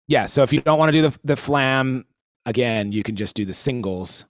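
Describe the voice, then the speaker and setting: A man's voice: on the low side, a little slow, over loud music. Easygoing man teaching drums. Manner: rambling, filler-heavy, easygoing. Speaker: drum teacher. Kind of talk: casual live-stream lesson.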